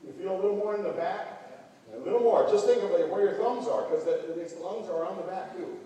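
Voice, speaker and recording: A man's voice: high-pitched, brisk, mellow. An older American man giving a workshop lesson with a volunteer, coaching the group in a folksy, joking way. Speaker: band clinician. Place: large hall. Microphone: camera far from the speaker. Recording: echoey hall recorded from far off.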